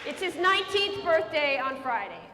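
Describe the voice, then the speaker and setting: A woman's voice: high-pitched, very animated, normal speed, very noisy. A woman comedian from Minnesota and Colorado, chatting with the audience and repeating their questions aloud. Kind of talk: audience Q&A after a stand-up show. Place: prison hall with an audience. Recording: echoey hall with crowd.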